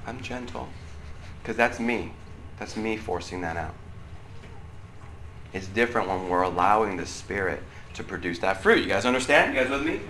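Loud, bright-voiced man preaching in a roomy hall. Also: low voice, expressive, moderate pace, pauses often, slight background noise. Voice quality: loud voice that carries. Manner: conversational, often checks in with 'right?'. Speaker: youth pastor. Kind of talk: casual youth sermon. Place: room with a student group. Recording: roomy echo.

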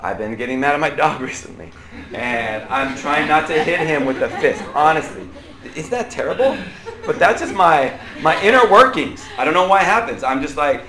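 A man preaching a sermon to a room, animated, swinging from loud outbursts to quiet asides and asking the audience questions. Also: mid-range voice, a little fast, roomy sound, a little hiss or hum. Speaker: pastor.

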